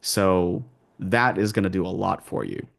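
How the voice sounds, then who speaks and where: A man speaks in a low, gravelly voice as an accent coach being interviewed. He rambles through his answers, restarting phrases and leaning on fillers. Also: steady tone, a little slow.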